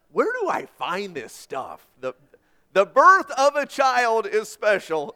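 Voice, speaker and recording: Guy preaching, lively and emphatic, voice pretty high and bouncing around. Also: slow. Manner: animated, emphatic storytelling. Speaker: pastor. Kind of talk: sermon.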